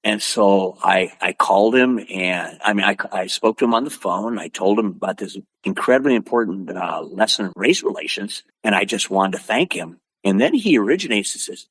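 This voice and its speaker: An older man from Oregon, a martial arts instructor telling stories as an interview guest, lively and acting out quotes. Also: on the low side, normal speed, hardly any pauses, slightly rough, no room sound. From Oregon, USA. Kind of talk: animated storytelling.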